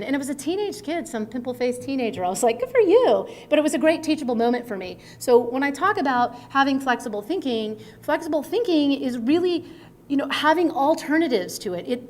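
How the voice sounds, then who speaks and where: A middle-aged woman speaking as a guest speaker at a conference, in a conversational, animated way. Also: on the high side. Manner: conversational, animated, acts out quotes. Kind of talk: conference talk. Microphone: microphone at a conference.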